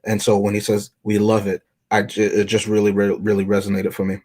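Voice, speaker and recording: A man's voice: fairly low pitch, completely flat delivery, quick pace, darkish tone. A man co-hosting a casual film review chat, talking in a reflective, rambling way. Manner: reflective, rambling, reads quotes aloud.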